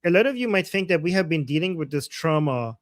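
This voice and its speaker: A man's voice: on the high side, expressive, quick pace, no room sound, studio quality. A man from Iran co-hosting a live stream, talking emphatically and repeating key phrases. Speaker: co-host and YouTuber. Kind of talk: casual live-stream chat.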